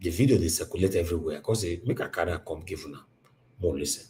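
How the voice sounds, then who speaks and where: A man's voice: low voice, fast talker, a little mellow, a little hiss or hum. A Nigerian man hosting a live stream, talking in an emphatic, repetitive way and mixing in pidgin. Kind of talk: casual live-stream monologue.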